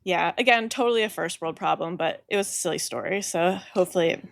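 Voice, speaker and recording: A woman's voice: lowish voice, quick pace, creaky, no room sound. A young pregnant woman co-hosting a podcast, telling a story casually and acting out the other people in it with a laugh here and there. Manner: animated, acts out quoted voices, laughs often. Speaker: podcast co-host.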